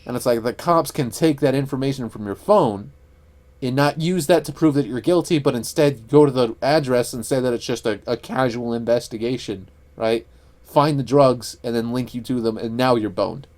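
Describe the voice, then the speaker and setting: A man's voice: medium pitch, normal speed, darkish tone. A man co-hosting a casual podcast, rambling and profane, with lots of fillers. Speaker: podcast co-host. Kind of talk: casual chat.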